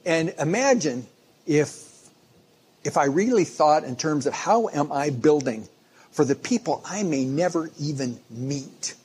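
A man's voice: on the high side, lively intonation, a little slow, darkish tone, breathy edge. A man preaching a sermon in a conversational storytelling way, often restarting phrases as he goes. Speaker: pastor.

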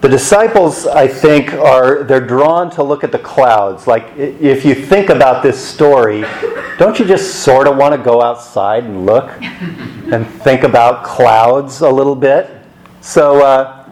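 A man's voice: medium pitch, animated, measured pace, a little mellow, low-quality recording. A man preaching a sermon in a conversational way, asking rhetorical questions.

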